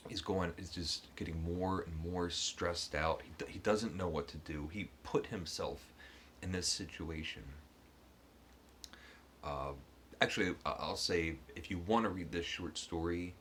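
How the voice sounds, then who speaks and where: A man casually retelling a short story for a book review, halting with many ums and stammers. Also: sits low, a bit bright, slight background noise.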